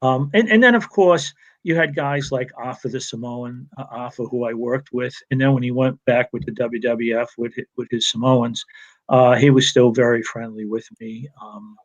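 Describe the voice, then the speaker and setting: A man's voice: medium pitch, moderate pace. A man spins long anecdotes in a casual, chatty way, doubling back and restarting his sentences and laughing now and then. His voice sits in an ordinary middle register and comes through a muffled, lo-fi connection. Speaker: retired wrestling referee, guest. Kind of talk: casual storytelling interview.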